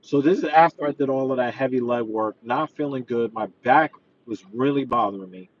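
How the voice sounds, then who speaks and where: A man's voice: medium pitch, fairly quick, highs cut off. A man who works as a personal trainer, chatting casually while he drives, earnest and rambling with lots of fillers. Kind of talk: casual driving vlog, talking while he drives. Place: inside a car.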